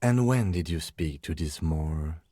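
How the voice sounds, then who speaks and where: Low, dark-voiced police lieutenant in a video game, calm and measured. The sound is dry and close. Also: male voice, dry recording, exaggerated voice. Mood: stern.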